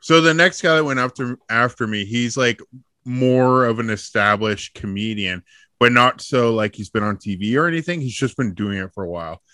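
A young man with a bright, forceful voice tells a story in loose casual chat, full of "like" fillers. The sound is dry and close, with no room around it. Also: medium pitch, moderate pace, no room sound. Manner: rambling storyteller, frequent "like" fillers, laughs often. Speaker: podcast co-host, comedian.

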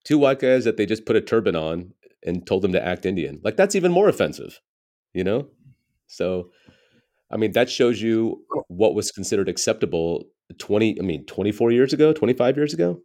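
Very animated and brisk, this American comedian in his forties has a lowish voice with a dark tone. As a guest in a casual interview he tells candid, reflective stories, with "you know" cropping up often.

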